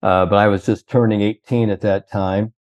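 A man's voice: fairly low pitch, fairly even intonation, normal speed, a little mellow, dry recording. An older man, a sports psychologist, telling long rambling anecdotes full of "you know".

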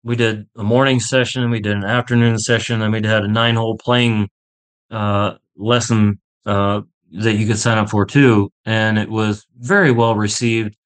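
A Pittsburgh golf instructor speaks as a podcast guest in a casual interview, his voice lowish with fairly even intonation and a moderate pace. He's enthusiastic and rambling, often laughing as he tells his stories.

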